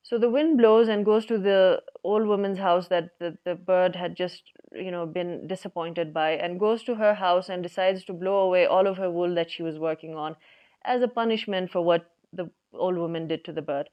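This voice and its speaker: A woman telling a folk story in a relaxed, conversational way, with many fillers. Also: on the low side, moderate pace. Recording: dull lo-fi recording.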